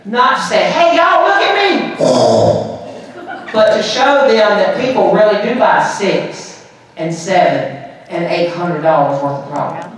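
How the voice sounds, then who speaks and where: Animated man in an echoey hall. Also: high voice. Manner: animated, joking, quick asides and crowd banter. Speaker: conference speaker. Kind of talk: motivational sales talk to an audience. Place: large conference hall. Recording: echoey hall, speaker far from mic.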